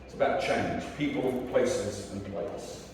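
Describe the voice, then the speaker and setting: A man's voice: medium pitch, takes it slowly, background noise. Middle-aged guy from north essex doing open mic poems, punchy rhythmic delivery, echoey hall, sounds far from the mic. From North Essex, England. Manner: chatty asides, then rhythmic, punchy recital. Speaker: poet. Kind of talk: open-mic poetry reading. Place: live venue hall.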